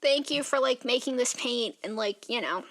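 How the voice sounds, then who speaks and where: A woman's voice: on the high side, expressive, normal speed, a bit bright. Tired, rambling young woman vlogger. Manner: rambling, filler-heavy, says "like" constantly. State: tired, yawning. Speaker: art vlogger. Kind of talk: casual rambling vlog talk.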